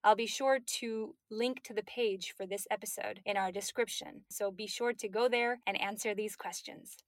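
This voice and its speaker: A woman co-hosting a language lesson podcast, setting clear practice questions. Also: medium pitch, fairly even intonation, moderate pace, no echo. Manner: clear, asks guiding questions. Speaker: co-host.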